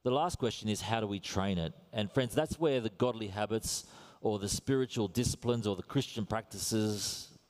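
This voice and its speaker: A man's voice: lowish voice, moderate pace, darkish tone. Australian man preaching a conversational sermon. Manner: conversational, anecdotal with self-deprecating humor.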